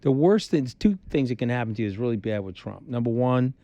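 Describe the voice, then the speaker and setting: A middle-aged man speaking as a guest in a candid conversation, hammering his points home with blunt repetition. His voice sits in a mellow, warm register, and the sound is dry and close. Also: mid-range voice, fast talker, dry recording, lo-fi sound. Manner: blunt, emphatic, repeats points for force; animated storyteller who acts out quotes. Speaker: interview guest.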